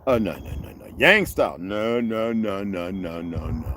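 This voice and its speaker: A man's voice: on the low side, moderate pace, rough recording. A man livestreaming outdoors, rambling casually to his chat, swearing a lot and laughing often. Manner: profane, animated, laughs often. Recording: loud outdoor background noise.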